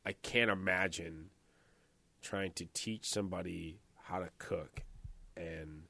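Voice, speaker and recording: A man's voice: low voice, fairly even intonation, slow, creaky, pushed and bright, no echo. A man co-hosting a podcast, telling rambling, profane stories in casual chat, full of fillers. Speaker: podcast co-host.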